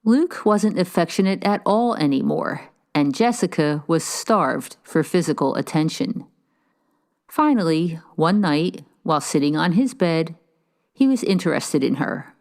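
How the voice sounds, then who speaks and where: A woman host giving scripted narration in a measured, even way. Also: low voice.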